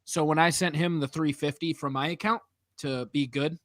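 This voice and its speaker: A man's voice: fairly high pitch, normal speed, no room sound. A man hosting a podcast in casual chat, telling a story with energy and acting out the people in it. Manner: animated storyteller, laughs often, acts out other people. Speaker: podcast host.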